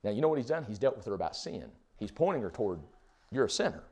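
A man's voice: fairly low pitch, very animated, very fast, mellow, breathy edge. A man preaching a sermon in a conversational way, full of rhetorical questions.

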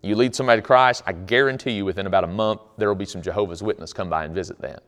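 A man's voice: deep voice, rapid-fire, a bit bright. A man preaching a sermon, telling stories in an emphatic, conversational way. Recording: long hall reverb.

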